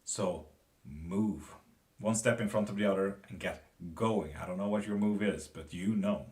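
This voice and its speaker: A man's voice: sits low, moderate pace, darkish tone. A man giving a casual live-stream tarot reading and chatting with viewers, talking loosely and swearing now and then. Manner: casual, swearing, laughs often. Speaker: tarot reader.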